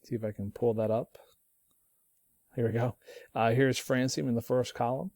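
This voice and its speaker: A relaxed man walks through a chemistry lesson, often pausing with ums and starting lines over. His voice is mellow and dark. It is recorded close up and dry, with no room sound. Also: mid-range voice, no echo. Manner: relaxed, thinking aloud with many ums and restarts. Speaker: chemistry teacher.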